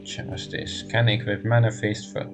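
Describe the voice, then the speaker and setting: A man's voice: on the low side, monotone, unhurried, over music. A man streaming a role-playing game, muttering hesitant thoughts aloud as he plays. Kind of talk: let's-play commentary.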